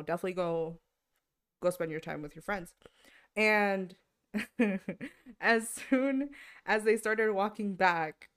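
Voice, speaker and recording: A woman's voice: fairly low pitch, clean tone. A young woman, a podcast co-host, telling a story in casual chat with friends, laughing often. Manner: laughing storyteller, quotes her mom.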